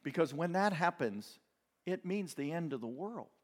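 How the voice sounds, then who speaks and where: A man's voice: on the high side, animated, normal speed. A man preaching a sermon in a conversational way, with asides and light laughter. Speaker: pastor.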